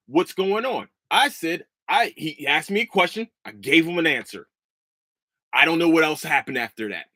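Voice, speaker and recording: Podcast host in his thirties, lively swooping delivery, profane ranter, dry close sound. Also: on the high side, dry recording. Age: 30s. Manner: profane, heated ranting. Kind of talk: casual chat.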